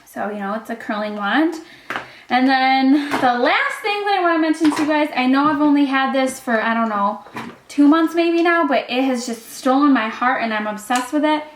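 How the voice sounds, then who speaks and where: A young woman talks to her viewers in a chatty, gushing beauty vlog, tumbling through fillers as she goes. Her voice sits a little high. The room around her rings with a noticeable echo. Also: lively intonation, moderate pace, slight background noise. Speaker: beauty YouTuber. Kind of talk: casual vlog chat. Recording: echoey room.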